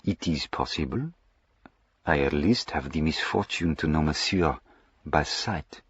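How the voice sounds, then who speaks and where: A cool, mocking gentleman highwayman with a French accent, as a man reads him aloud. His deep, husky voice stays slow and courteous even while giving orders. The storybook recording sounds slightly muffled. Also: full character voice. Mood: ironic. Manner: polite, ironic, commanding.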